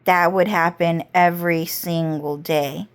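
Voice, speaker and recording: Slow, rambling, foul-mouthed woman. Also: lowish voice, steady tone, clean tone. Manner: rambling, heavy cursing, slow drawl. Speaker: vlogger. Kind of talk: casual storytelling monologue.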